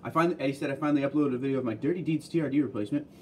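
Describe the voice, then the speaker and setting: A man hosting a casual livestream, reading viewer comments aloud and chatting back in a relaxed way. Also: medium pitch, very fast, far from the mic, slight background noise.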